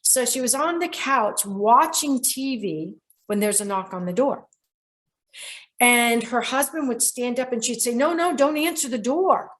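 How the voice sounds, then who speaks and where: A middle-aged woman hosts a show on dreams, with a voice pitched a little high. She tells a client's story in an animated way and acts out what each person said. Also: unhurried. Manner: animated storyteller who quotes people directly. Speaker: radio show host and dream interpreter. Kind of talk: storytelling monologue.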